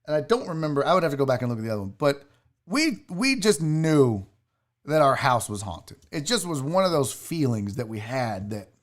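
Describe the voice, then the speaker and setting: A man's voice: medium pitch, brisk. A man spins a personal story on his casual show, his voice rising and falling widely. He talks loosely, with restarts and the odd curse word. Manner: animated storyteller who swears casually. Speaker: sports show host.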